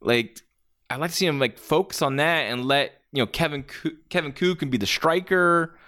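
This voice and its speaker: A man's voice: fairly high pitch, moderate pace, bright, forceful tone. A man giving a casual, blunt, opinionated spoken review, rambling with many fillers and restarts. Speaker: wrestling match reviewer.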